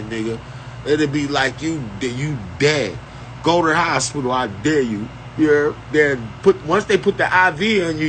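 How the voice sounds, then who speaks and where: A man's voice: on the high side, fairly bright tone, a little hiss or hum, low-quality recording. A man giving an unscripted spiritual rant, lecturing in street slang with a profane, preachy manner. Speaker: self-styled spiritual teacher.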